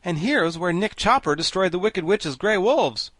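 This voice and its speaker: A man's voice: high-pitched, animated, normal speed, fairly bright tone, dry recording, voice pushed up. A man reading an audiobook and voicing a kindly, reflective straw-stuffed scarecrow king who talks in a soothing way. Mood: thoughtful.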